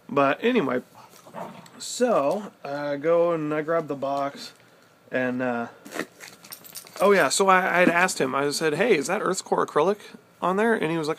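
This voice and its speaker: A young man vlogging outdoors in the cold, telling a story in a loose, excitable, rambling way with casual swearing. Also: medium pitch, fast talker. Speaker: pipe-smoking vlogger. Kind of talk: casual vlog chat.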